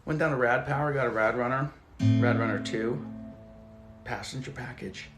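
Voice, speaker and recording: A man's voice: mid-range voice, moderate pace, loud music behind the voice. A young man hosting a casual live stream from home, rambling loosely and swearing as he reads the chat aloud. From Southern California. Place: at home among plants. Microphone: phone.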